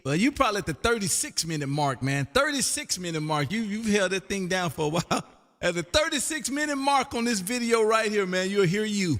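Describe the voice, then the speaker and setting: A man hosting a casual ham radio chat, loud and folksy, calling everyone man. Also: high voice, long reverb tail. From Texas.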